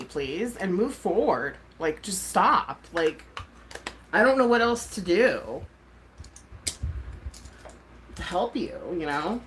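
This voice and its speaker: Animated woman ranting to camera. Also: fairly low pitch, a little hiss or hum. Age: adult mom. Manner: exasperated, swears freely, fillers like "like". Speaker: YouTuber and streamer. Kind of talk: casual ranting vlog.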